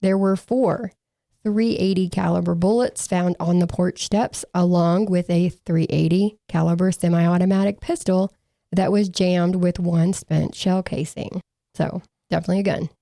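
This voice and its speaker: A woman's voice: on the low side, steady tone, moderate pace, vocal fry, mellow, no echo. A woman co-hosting a true crime podcast, reading from case reports with dry, sarcastic asides.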